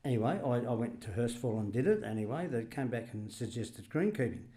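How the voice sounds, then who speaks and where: A retired greenskeeper in his sixties with an Australian accent is a podcast guest, laughing as he tells funny stories from his working life in casual chat. His mid-range voice is expressive, brisk and mellow.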